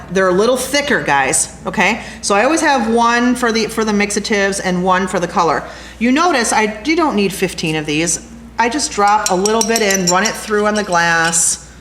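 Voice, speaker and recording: Woman, craft instructor, chatty and excitable, everyday mid voice, faint studio hiss. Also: medium pitch, normal speed. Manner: chatty, excitable, talks to viewers as guys. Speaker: glass art instructor. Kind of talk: hands-on craft demonstration. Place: glass studio workshop.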